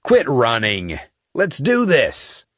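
A man voicing a battered, defiant human captain who shouts taunts at his enemy, for an audiobook. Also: medium pitch, huge pitch swings, takes it slowly, dry recording, clean studio sound, pitched above the performer's own voice, exaggerated voice.

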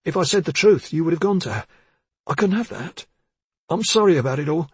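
A man's voice: on the high side, expressive, fairly quick, husky, dry recording, pitched above the performer's own voice. A man doing a frantic, defensive young officer. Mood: agitated. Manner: defensive, pleading, agitated. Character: cornered young male community officer, defensive and anxious.

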